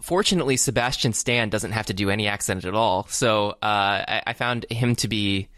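A man with a fairly low, smooth, resonant voice, talking through a film in casual podcast chat. He rambles, pauses on fillers and restarts his sentences. The sound is dry and close, with no room around it. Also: fairly bright tone, no room sound. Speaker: podcast co-host. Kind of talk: casual movie discussion.

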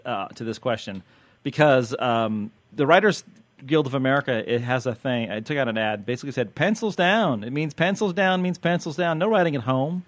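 A man's voice: mid-range voice, no echo. A man hosting a podcast as a TV critic, chatting in a joking, rambling way and teasing his guests. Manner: jokey, rambling, quick to tease. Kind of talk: casual podcast chat.

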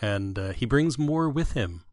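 A man's voice: medium pitch, a little slow, dry recording. Man in a dry casual chat. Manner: relaxed and conversational, with short agreeing remarks. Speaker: podcast co-host. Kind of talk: casual chat recapping a TV episode.

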